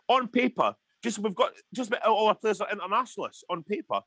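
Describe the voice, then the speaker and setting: A man's voice: high voice, fast talker, creaky, few pauses, pushed and bright, slightly rough, no room sound. A Scottish man ranting heatedly in a casual podcast chat, swearing often. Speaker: podcast co-host.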